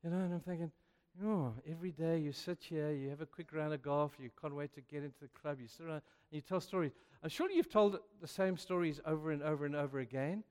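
Older guy preaching, bit high voice, big echoey hall, acts out conversations. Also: quick pace, few pauses, smooth. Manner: animated, acts out dialogue in a rising voice. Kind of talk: sermon storytelling. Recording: long hall reverb.

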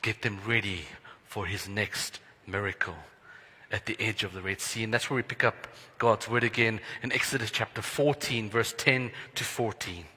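Earnest preaching man with a bright voice. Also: fairly low pitch, fairly even intonation, moderate pace, husky. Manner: earnest, prayerful, trailing off softly at phrase ends. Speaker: pastor. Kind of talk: sermon. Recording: long hall reverb.

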